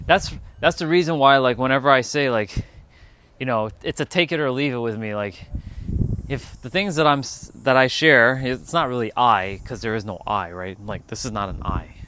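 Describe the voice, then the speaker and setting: A man's voice: mid-range voice, moderate pace, bright, forceful tone, slight background noise. A man hosting a casual livestream who chats in a laid-back, musing way and laughs easily. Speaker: livestream host.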